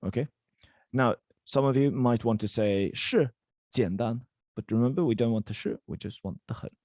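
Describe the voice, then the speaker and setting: A man's voice: medium pitch, moderate pace, darkish tone, dry recording. A man teaching a Mandarin lesson over a video call, encouraging and switching between English and Chinese. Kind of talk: online language lesson.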